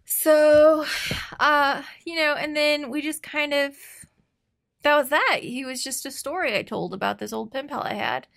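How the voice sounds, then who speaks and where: A woman's voice: high-pitched, unhurried, creaky. A woman in her thirties, co-hosting a podcast, telling a personal story in casual chat and acting out what people said. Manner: animated, acts out quoted lines. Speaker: podcast co-host.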